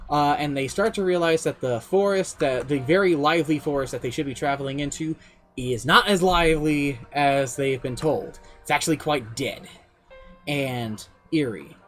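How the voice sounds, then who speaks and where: A man streaming, casually recounting his tabletop campaign as game master in a rambling, self-deprecating way. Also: on the high side.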